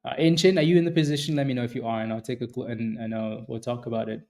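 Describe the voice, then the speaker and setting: Rapid-fire and steady in tone, this livestream host has a mid-range, somewhat mellow voice. Offering market commentary on his stock trading stream, he rambles casually, replies to viewers by name, and keeps restarting sentences.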